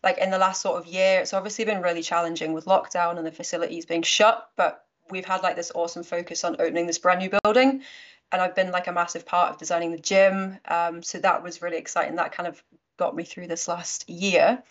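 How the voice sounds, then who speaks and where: A young woman with a Midlands English accent touched by a Scottish twang, chatting easily and filling her talk with "um" and "like". Her voice sits a little low. The recording is muffled and lo-fi. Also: steady tone, fairly quick. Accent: English Midlands with a slight Scottish twang. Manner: chatty, laughs easily, many fillers. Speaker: guest fitness coach. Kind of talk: casual podcast chat.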